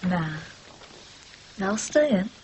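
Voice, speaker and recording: An actress playing a frank young daughter. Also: female voice, mid-range voice, animated, very slow, darkish tone, slight background noise, poor audio. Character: outspoken teenage daughter.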